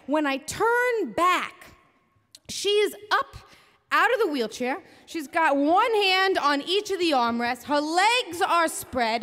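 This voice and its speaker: A woman hosting a live storytelling show and telling a story on stage into a microphone, in an animated, comic, blunt and profane way. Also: very high-pitched. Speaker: storyteller and host. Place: theater stage before a live audience. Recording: reverberant live theater hall.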